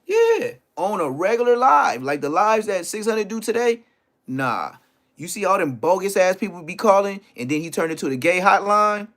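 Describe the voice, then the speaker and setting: A man telling a story in an animated way, full of profane street slang. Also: high-pitched. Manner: profane slang, acts out others' lines.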